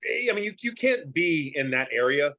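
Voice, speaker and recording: A man's voice: fairly high pitch, very animated, normal speed, bright, forceful tone. A man with a light New England accent, chatting as a podcast guest, rambling with lots of fillers and restarts. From Massachusetts. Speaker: podcast guest, professional wrestler. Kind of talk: casual chat.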